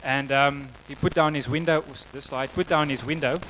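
A man's voice: mid-range voice, fairly even intonation, moderate pace, fairly bright tone, a little hiss or hum, poor audio. A man preaching a sermon, telling a story in a conversational way before moving to prayer. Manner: storytelling, conversational with acted quotes.

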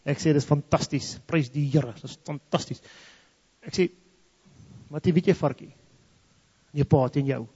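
A man's voice: on the high side, moderate pace, pauses often, a little mellow, breathy edge. A man from South Africa's Free State with an Afrikaans South African accent, a native Afrikaans speaker, telling a story as a testimony and switching between English and Afrikaans. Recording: dull lo-fi sound in a reverberant hall.

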